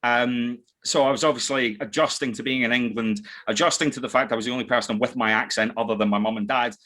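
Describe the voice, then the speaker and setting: A man's voice: medium pitch, fairly even intonation, a bit bright. A man with a mixed Scottish accent, hosting a casual podcast chat full of joking and swearing. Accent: Scottish, mixed from living in many places. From Scotland. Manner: swearing, joking, quick banter with restarts. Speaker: podcast host. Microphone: desk mic.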